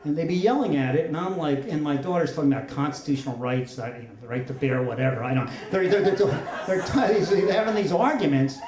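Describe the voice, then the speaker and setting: A man's voice: a little high, quick pace, hardly any pauses, a crowd in the background. 50s guy telling a funny story on a stage, wry and self-deprecating, bit of room echo. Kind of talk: live comedic storytelling. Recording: roomy echo.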